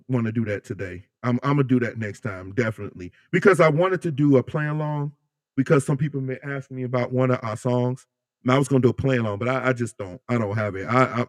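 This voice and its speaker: Animated, joking man hosting a livestream. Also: mid-range voice, dry recording, clean studio sound. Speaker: livestream host. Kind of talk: casual live chat reading comments.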